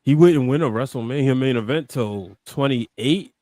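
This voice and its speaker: A man's voice: mid-range voice, moderate pace, darkish tone, no echo. A man co-hosting a wrestling podcast, rambling through his point and peppering it with "you know". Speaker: podcast co-host. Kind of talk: casual wrestling chat.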